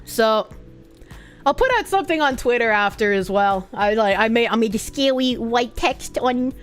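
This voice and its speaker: Woman, Boston accent, casual stream chat, blunt, swears a lot, high voice. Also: animated, normal speed, soft background music.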